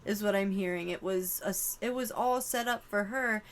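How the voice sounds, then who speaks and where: A woman's voice: medium pitch, moderate pace. A woman giving a casual channeled tarot reading to camera, emotional and exclaiming, swearing casually. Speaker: tarot reader.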